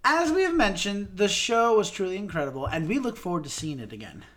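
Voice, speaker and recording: A young adult man co-hosting a podcast in casual chat, chatty and fond of puns, getting animated when he gushes. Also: high voice, a little fast. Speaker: podcast co-host.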